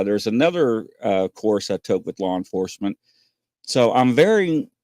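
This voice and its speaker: A man hosting a casual podcast, telling stories with lots of pauses and acting out what people said. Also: fairly low pitch, a little mellow, no room sound, studio quality. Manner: rambling storyteller, many "uh" pauses, acts out quotes. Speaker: podcast host. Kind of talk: casual chat.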